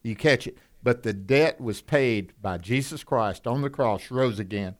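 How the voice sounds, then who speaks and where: A man co-hosts a conversational Bible teaching in a folksy manner, putting questions to his listeners and growing passionate at moments. He has a mid-range voice and speaks at a measured pace.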